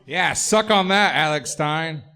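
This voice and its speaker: A man's voice: a little high, a little slow, bright, forceful tone, smooth. A man bantering casually between comics on a live comedy show.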